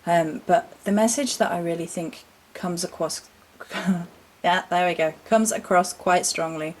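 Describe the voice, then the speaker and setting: A woman in a casual home vlog, talking in a gentle, rambling, chatty way with little asides as she shows her altar. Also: lowish voice, measured pace. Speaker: witch vlogger showing her altar.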